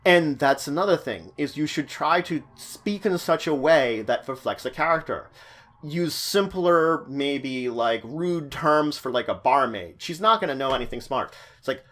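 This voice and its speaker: A man giving animated, stop-start advice on running a tabletop game as dungeon master. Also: fairly high pitch, unhurried. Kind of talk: tutorial talk.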